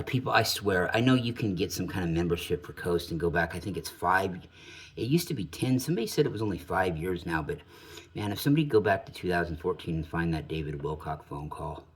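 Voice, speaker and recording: A man's voice: low-pitched, animated, brisk, slightly rough. A middle-aged man hosting his own channel, rambling through a story in casual monologue, wry and cursing casually. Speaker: channel host.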